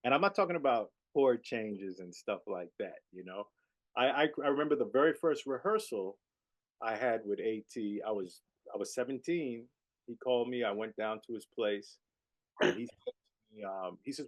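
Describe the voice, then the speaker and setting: A man's voice: mid-range voice, moderate pace, muffled recording. A middle-aged man, a guest jazz saxophonist, telling stories in a casual interview and leaning on "you know" as he talks. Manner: animated storyteller, peppered with "you know".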